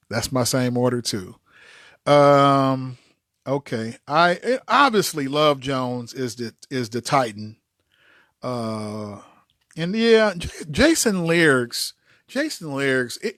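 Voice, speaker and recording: Animated laughing man chatting about movies. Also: mid-range voice, slow, no room sound, studio quality. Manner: laughing, animated, trails off quietly. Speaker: co-host. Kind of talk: casual chat about movies.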